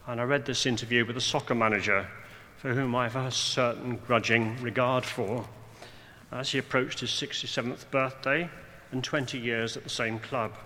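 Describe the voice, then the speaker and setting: A man preaching a sermon, measured and deliberate, slowing down for emphasis, with dry, wry asides. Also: mid-range voice, fairly even intonation, sharp tone. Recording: long hall reverb, faint room noise.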